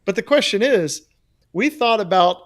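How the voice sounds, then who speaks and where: A man's voice: sits high, animated, normal speed, a bit bright. A man co-hosting a casual trade podcast, talking in a loose, rambling way and laughing often. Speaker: podcast co-host. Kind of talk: casual chat.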